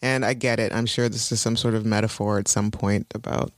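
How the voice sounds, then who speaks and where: A woman co-hosting a casual chat that recaps a TV episode, animated, laughing often and swearing as she acts out the characters. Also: a bass voice, brisk, no echo, clean studio sound. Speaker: podcast co-host.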